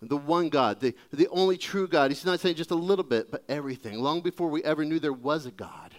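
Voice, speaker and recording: Smooth high-voiced male preacher. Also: expressive, a little fast. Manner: conversational, humorous storytelling preaching. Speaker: pastor. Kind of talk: sermon.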